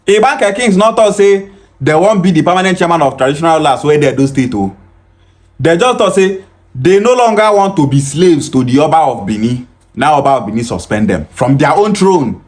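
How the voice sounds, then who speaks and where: Nigerian male commentator, fiery and mocking, lightly raised pitch, mixes Pidgin with English. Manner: combative, mocking, emphatic, mixing Pidgin and English. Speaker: political commentator. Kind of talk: heated online commentary.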